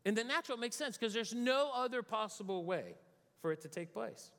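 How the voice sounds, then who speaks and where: A man's voice: high-pitched, lively intonation, fairly quick, a bit bright. A man preaching a sermon as pastor, conversational with joking asides. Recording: long hall reverb.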